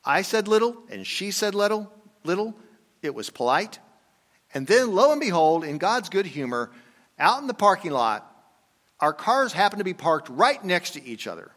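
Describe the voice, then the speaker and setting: Older male pastor, slightly high voice, storytelling sermon, hall echo. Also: big pitch swings, normal speed. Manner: storytelling, conversational, drops to quiet asides. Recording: long reverb from a hall.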